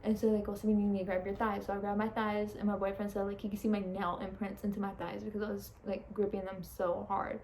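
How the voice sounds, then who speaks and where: A woman's voice: mid-range voice, quick pace, hardly any pauses, a little hiss or hum, rough recording. A young woman telling a personal story in a casual, blunt and profane way, as a vlogger. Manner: blunt, profane, animated retelling.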